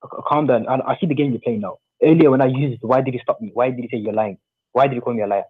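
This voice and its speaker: Rapid-talking husky man on a tinny line. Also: mid-range voice, dry recording. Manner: rapid, insists on calm, interjects. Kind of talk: heated religious debate. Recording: tinny phone-like call audio.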